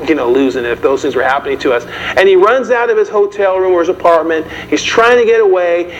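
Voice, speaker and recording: Man preaching to his congregation. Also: a little high. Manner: conversational, asks the audience questions. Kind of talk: sermon. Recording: dull, slightly noisy recording.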